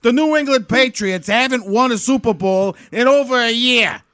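A man's voice: very high voice, very slow, no room sound, clean studio sound, voice pushed up, exaggerated voice. A man doing a brash Boston sports fan. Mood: boasting. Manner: pushy, shouting.

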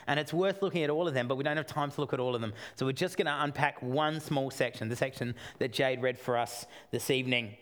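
A middle-aged man preaching a sermon, chatty at first, then building to emphatic, repeated calls. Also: fairly high pitch. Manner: conversational, builds to emphatic repetition. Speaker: pastor.

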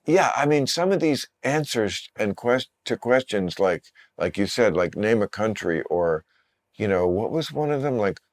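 A man's voice: fairly low pitch, lively intonation, moderate pace. An older man hosting a casual talk show, making dry, lecturing points. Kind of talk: casual chat and read sponsor ad.

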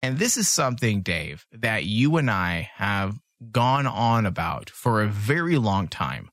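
A man's voice: lowish voice, very animated, a little slow, a bit bright, no room sound, clean studio sound. A man co-hosting a casual podcast, talkative and joking, sometimes reading summaries aloud. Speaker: podcast co-host.

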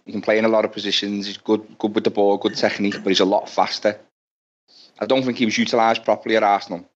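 A man's voice: lowish voice, muffled recording. Blunt, sweary man giving football opinions. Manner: blunt, sweary, rambling with fillers. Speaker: podcast guest. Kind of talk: casual football opinion chat.

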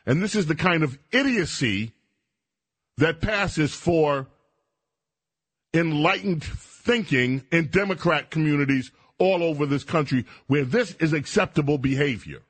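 A man's voice: a little high, expressive, measured pace, slightly rough. A man hosting a radio talk show, delivering an indignant, emphatic monologue with stammered restarts.

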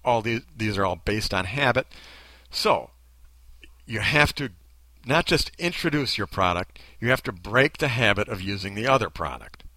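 Male commentator, mocking and emphatic, bright edge to the voice. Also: lowish voice, expressive, moderate pace, no room sound. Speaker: commentator reacting to a video. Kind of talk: critical commentary.

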